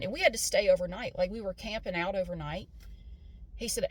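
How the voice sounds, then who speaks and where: A woman's voice: lowish voice, fairly quick, gravelly. A woman casually telling a personal story while driving, candid and swearing freely, and acting out the voices of people she quotes. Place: in a car.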